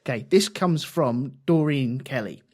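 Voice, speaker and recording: A man's voice: mid-range voice, lively intonation, a little slow, a little mellow. A man hosting a podcast in casual chat, leading the talk and reading out feedback. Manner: chatty, leads the discussion, reads listener feedback. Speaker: podcast host.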